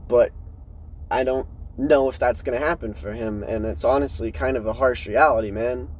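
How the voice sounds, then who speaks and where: A man's voice: mid-range voice, moderate pace, a little mellow, a little hiss or hum. A young man talking casually on his own podcast, slangy and swearing, recorded in his truck in a parking lot. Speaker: podcast host.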